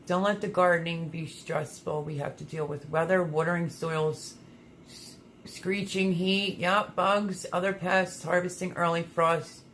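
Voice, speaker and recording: A low-pitched woman hosts a relaxed livestream, chatting with viewers and reading their comments out loud. She talks casually and drops in plenty of ums. Faint noise sits behind her voice. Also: a little slow. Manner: chatty, reads viewer comments aloud, many fillers. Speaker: livestream host reading chat.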